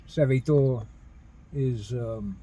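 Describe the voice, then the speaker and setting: A man talking in a rambling personal monologue about spiritual ideas, earnest and halting, with many restarts. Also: mid-range voice, warm tone, low-quality recording. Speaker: spiritual video host.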